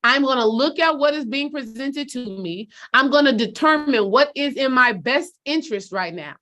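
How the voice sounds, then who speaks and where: Higher-voiced woman coaching her followers. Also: moderate pace, a bit bright. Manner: direct, preachy, calls listeners sis and baby. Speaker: spiritual healing coach. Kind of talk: casual motivational talk to followers.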